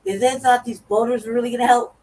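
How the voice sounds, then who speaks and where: Profane, animated woman telling a story. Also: on the high side, quick pace. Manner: animated, acts out her own reactions. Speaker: podcast co-host. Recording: distant mic with faint noise.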